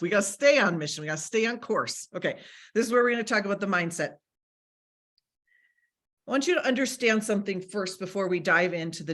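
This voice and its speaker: A woman's voice: medium pitch, a bit bright. A middle-aged woman giving a motivational talk on a video call, speaking emphatically and repeating her key phrases.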